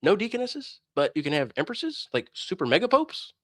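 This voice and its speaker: A man's voice: high voice, very animated, brisk, no room sound, clean studio sound. A man hosting a religious debate stream, delivering a heated, scornful and preachy monologue that mocks his opponents. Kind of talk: ranting monologue.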